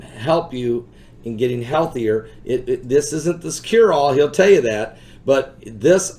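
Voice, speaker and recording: A man's voice: mid-range voice, a little mellow. A man hosting a talk show, asking his guest earnest, emphatic questions. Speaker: host.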